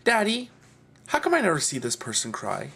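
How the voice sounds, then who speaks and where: A man's voice: a little high, wildly swooping pitch, moderate pace, gravelly, sharp tone, breathy edge, exaggerated voice. A dad voicing a curious five-year-old girl. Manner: questioning, childlike.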